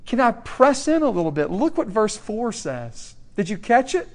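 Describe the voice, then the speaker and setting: A young man preaching a sermon, swinging from loud, emphatic questions to soft, hushed warnings. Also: high voice, sing-song, moderate pace, few pauses.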